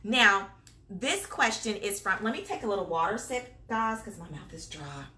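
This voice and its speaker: A woman's voice: mid-range voice, animated, normal speed, bright, forceful tone, a little hiss or hum. A woman hosting a casual live-stream Q&A as a childcare business coach, chatty and encouraging. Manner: chatty and encouraging, many fillers, reads viewer comments aloud.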